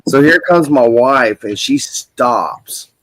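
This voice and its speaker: A man from Alabama with a warm Southern Alabama accent, telling a story in an animated way. His voice is mid-pitched and the recording is dry. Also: slow pace, no echo, low-quality recording. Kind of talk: casual chat.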